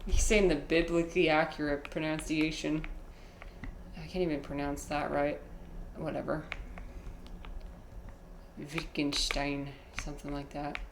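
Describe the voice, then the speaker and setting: Low-voiced woman streaming a game. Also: level tone, normal speed, reverberant, background noise. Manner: rambling, playful, self-mocking asides. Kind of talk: casual live gaming commentary.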